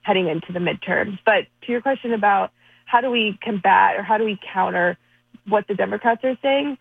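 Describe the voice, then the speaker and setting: Woman caller from Florida, confident strategist, husky gravelly voice, tinny phone line. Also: medium pitch, dry recording. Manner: confident, brisk talking points. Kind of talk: phone-in interview.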